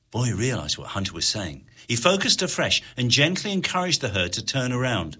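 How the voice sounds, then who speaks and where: A man narrating an adventure story in an expressive, dramatic way. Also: mid-range voice, a little fast, few pauses, slightly rough. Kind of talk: audiobook narration.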